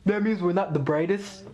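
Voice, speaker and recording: A high-pitched man hosts a live anime reaction video, excitable and laughing often as he talks straight to his viewers.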